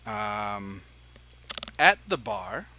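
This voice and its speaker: A man's voice: fairly low pitch, sing-song, very slow, pushed and bright, slight background noise, low-quality recording. A man narrating as dungeon master in a tabletop game, describing scenes in a rambling, hesitant way with many fillers.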